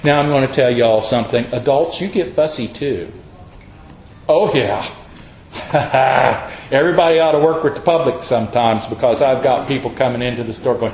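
A man's voice: mid-range voice, normal speed, a little mellow, a little hiss or hum. A man preaching a folksy, conversational sermon, telling homey stories and acting out the voices of the people in them. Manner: homey storytelling, acts out quoted voices. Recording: roomy, dull lo-fi recording.

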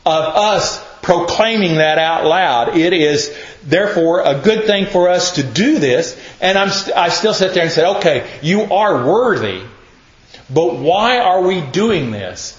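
Slow-preaching man in an echoey room. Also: sits high, expressive. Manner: slow, earnest, conversational teaching. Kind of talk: sermon. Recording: echoey, muffled room recording.

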